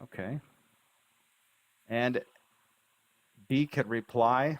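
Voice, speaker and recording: A man's voice: fairly low pitch, animated, a little slow. A man teaching English pronunciation in a livestream, modelling phrases with exaggerated, bouncing intonation and repeating words syllable by syllable. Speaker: English tutor. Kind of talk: slow, drawn-out pronunciation lesson.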